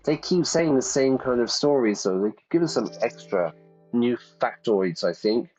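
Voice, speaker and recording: A man streaming a detective game, reading the clues aloud and reacting loudly to each twist. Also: mid-range voice, expressive, moderate pace, faint music behind. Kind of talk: casual gameplay commentary. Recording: slightly dull lo-fi audio.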